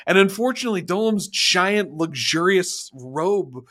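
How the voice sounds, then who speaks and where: Bright-voiced man, laughing podcast co-host. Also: high-pitched, measured pace. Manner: animated, laughing, profane. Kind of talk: casual TV recap chat.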